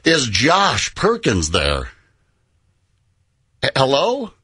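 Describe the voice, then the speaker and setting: Jokey radio guy, husky but bright, voice bouncing all over. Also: medium pitch, wildly swooping pitch, extremely slow, no room sound, studio quality. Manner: joking, teasing callers, laughs often. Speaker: radio show host. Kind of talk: casual morning radio banter.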